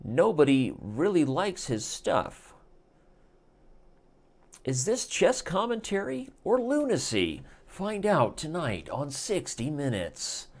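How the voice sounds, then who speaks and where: A man voicing a portentous male TV promo announcer in slow, drawn-out teaser lines. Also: a little high, huge pitch swings, pitched above the performer's own voice, heavily acted.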